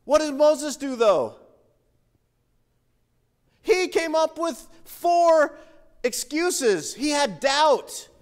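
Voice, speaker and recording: A male pastor preaching a sermon, animated as he reads scripture and comments on it. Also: very high-pitched, drawn-out words, pauses often. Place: church sanctuary. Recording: reverberant church hall.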